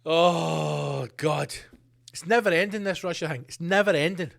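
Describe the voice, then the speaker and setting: A man's voice: a little high, measured pace, creaky, a bit bright. A middle-aged man hosting a solo podcast, ranting in a sweary, sarcastic way. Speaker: podcast host.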